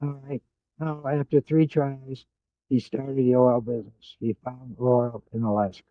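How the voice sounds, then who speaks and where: An older man telling animated stories in a casual chat, often quoting other people as he goes. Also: mid-range voice, unhurried, no echo. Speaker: guest. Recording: dull lo-fi sound.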